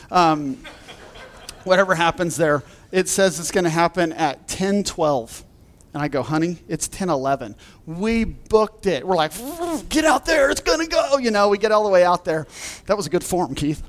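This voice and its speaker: A man preaching a sermon, telling a funny personal story in an animated way and laughing along. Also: fairly high pitch. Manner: animated storyteller, laughs through his anecdotes. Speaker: pastor.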